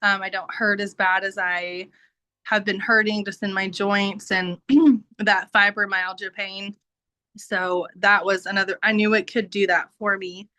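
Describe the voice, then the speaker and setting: Woman on a video call giving her testimony, bright punchy voice, dry sound, laughs a lot. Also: mid-range voice, fairly even intonation, measured pace, no echo, rough recording. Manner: warm, heartfelt, frequent laughs and fillers. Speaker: business team member giving a testimony.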